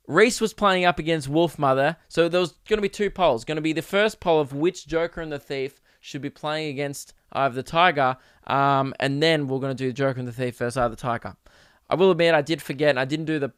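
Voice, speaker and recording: Man, fairly high voice, hosting a podcast in a dry, close room; animated and mock-outraged. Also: clean tone, no echo. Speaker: podcast host. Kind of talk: casual solo podcast rant.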